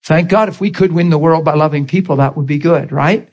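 A man's voice: fairly high pitch, brisk, a little mellow. A man preaching a sermon, acting out both sides of conversations as he tells stories.

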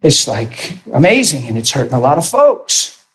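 A middle-aged man preaching a storytelling sermon in an animated, lively way, often acting out characters and laughing. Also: medium pitch, normal speed, a little hiss or hum.

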